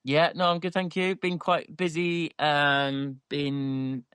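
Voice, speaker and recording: A man's voice: fairly high pitch, flat delivery, slow pace, fairly bright tone, clear, resonant tone, no echo. A man co-hosting a podcast, telling chatty stories in casual talk with many ums and restarts. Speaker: podcast co-host. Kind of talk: casual chat.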